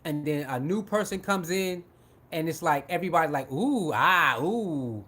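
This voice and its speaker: High-voiced man giving animated commentary. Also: a little fast. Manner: repetitive, animated, acts out quoted voices. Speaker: sports commentator. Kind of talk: casual commentary monologue.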